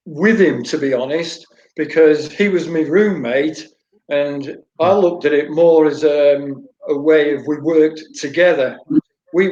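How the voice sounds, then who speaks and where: A man's voice: on the high side, darkish tone. Storytelling man, roomy lo-fi sound. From Wales. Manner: anecdotal, repeats words, laughs while telling stories. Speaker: former goalkeeper guest. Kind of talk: storytelling interview answers.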